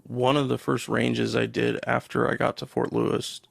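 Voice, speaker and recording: Gravelly man telling a wry army story. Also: medium pitch, flat delivery, normal speed, no echo, studio quality. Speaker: podcast co-host, Army veteran. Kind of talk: casual anecdote.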